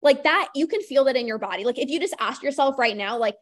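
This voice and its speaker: Chatty high-voiced woman podcast host. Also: lively intonation, fast, few pauses. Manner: chatty, lots of "like", acts out inner voices. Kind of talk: casual solo podcast monologue.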